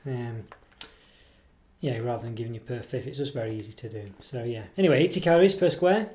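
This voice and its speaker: A man's mid-range, dark-toned voice moves briskly through a casual chocolate product review. Self-deprecating, he teases himself, hesitates with lots of ums, and rambles while correcting his words.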